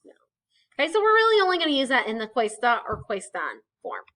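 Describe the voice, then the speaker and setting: A woman's voice: high-pitched, wildly swooping pitch, fast talker, a bit bright, rough recording. A woman teaching a casual recorded vocabulary lesson, chatty and explaining with asides and fillers. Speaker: Spanish teacher.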